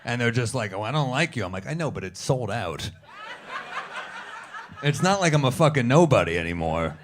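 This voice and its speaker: A man performing stand-up comedy on a club stage into a handheld mic, with a dry, deadpan delivery. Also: mid-range voice, moderate pace, background noise. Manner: deadpan, dry delivery, talking back to a heckler. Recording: live club recording, laughing crowd.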